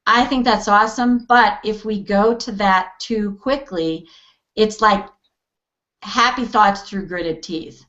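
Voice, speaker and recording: Woman in an interview, animated, does little voices, kinda muffled lo-fi sound. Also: mid-range voice, takes it slowly. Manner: animated, acts out quoted voices, laughs easily. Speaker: interview guest, EFT practitioner. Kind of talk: casual conversational interview.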